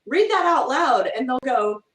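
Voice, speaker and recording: A middle-aged woman being interviewed as a guest author, animated and acting out little quotes as she talks. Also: high-pitched, normal speed, recorded from a distance. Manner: animated, acts out quotes in other voices. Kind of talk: podcast interview. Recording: roomy, from off mic.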